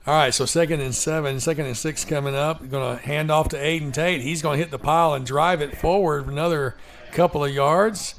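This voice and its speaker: A man calling a high school football game play by play in a folksy, emotional way, breaking into excitement on big plays. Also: brisk. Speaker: play-by-play commentator. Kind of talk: live local sports commentary. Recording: crowd noise behind.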